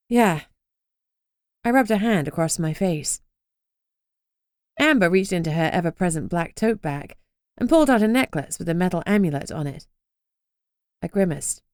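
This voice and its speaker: A woman's voice: on the low side, lively intonation, normal speed, darkish tone, no echo, clean studio sound. A woman narrating a first-person urban fantasy audiobook in a wry, sardonic way.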